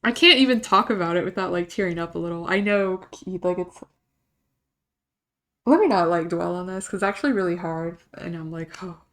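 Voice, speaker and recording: Woman streamer, casual live chat, slightly low voice, rambling and emotional, quick laughs between thoughts. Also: a bit bright. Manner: rambling, emotional, self-interrupting, laughs often.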